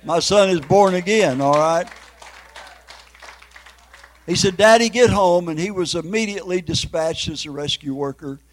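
A man's voice: fairly high pitch, moderate pace, long pauses, some chatter behind, a little hiss or hum, low-quality recording. An older man, an evangelist preacher, giving an emotional testimony sermon and breaking into tears.

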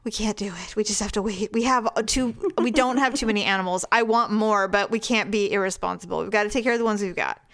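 A middle-aged woman co-hosting a podcast, telling stories in a blunt, animated way and swearing freely. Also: medium pitch, fast talker, hardly any pauses. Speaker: podcast co-host. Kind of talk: casual chat.

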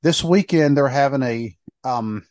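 A man's voice: medium pitch, measured pace, a little mellow, no echo. Rambling male podcast host, dry sound. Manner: rambling, fillers, trailing off. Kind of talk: casual chat.

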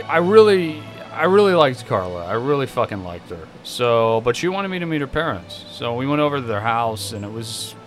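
Brash storytelling man with lively pitch. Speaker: podcast co-host. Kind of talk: casual comedic chat.

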